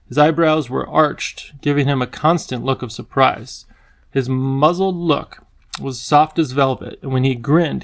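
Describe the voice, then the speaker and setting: A man narrates a children's storybook at a calm, steady pace. His mid-pitched voice carries a gravelly edge. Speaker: audiobook narrator. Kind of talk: scripted narration.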